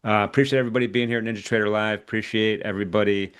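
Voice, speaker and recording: A man's voice: fairly low pitch, fairly even intonation, racing, clear, resonant tone. A man hosting a live trading stream, chatting casually and joking with guests, with many filler words. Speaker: host of a live trading show. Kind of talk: casual livestream sign-off chat.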